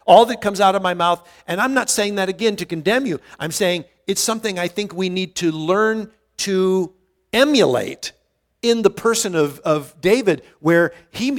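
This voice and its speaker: A man preaching a sermon as pastor, earnest and emphatic, repeating his key points and often restarting his phrases. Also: high voice.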